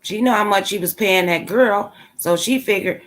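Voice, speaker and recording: A woman's voice: mid-range voice, normal speed. Blunt, sassy woman vlogger. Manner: blunt, opinionated and sassy, talking in slang. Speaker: channel host. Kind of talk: casual commentary to a live chat.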